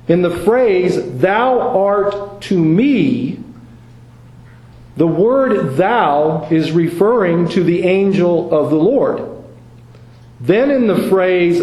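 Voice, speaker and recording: Slow, high-voiced man teaching scripture. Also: a little mellow, reverberant, poor audio. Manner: measured, careful, emphasizes quoted words. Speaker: Bible teacher. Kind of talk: slow expository Bible study reading.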